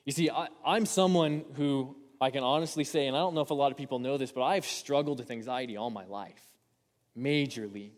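Earnest preacher in a reverberant hall. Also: male voice, medium pitch, fairly quick. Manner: earnest, personal, rises to impassioned pleading. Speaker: pastor. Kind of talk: sermon.

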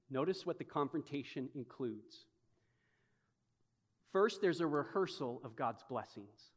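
A man preaching a sermon as pastor, telling stories dramatically with slow, emphatic phrases. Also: mid-range voice, expressive. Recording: long reverb of a large hall.

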